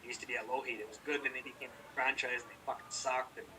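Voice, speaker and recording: Fast-talking man telling a heated story. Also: mid-range voice, little pitch movement, pushed and bright, distant mic, a little hiss or hum, rough recording. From British Columbia, Canada. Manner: profane, rambling, heated. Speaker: podcast co-host. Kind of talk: casual storytelling chat.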